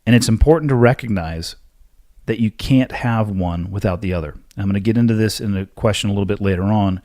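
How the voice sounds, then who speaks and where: Male podcast host, low-ish voice, blunt and emphatic, dry close mic. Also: fairly quick, darkish tone, no echo. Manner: blunt, emphatic, occasionally profane. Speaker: podcast host answering listener questions. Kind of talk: solo Q&A monologue.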